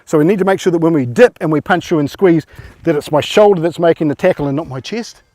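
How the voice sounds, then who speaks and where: A man's voice: fairly high pitch, quick pace, darkish tone, dry recording. A man coaching rugby players through tackle drills, informal and encouraging, often quizzing them.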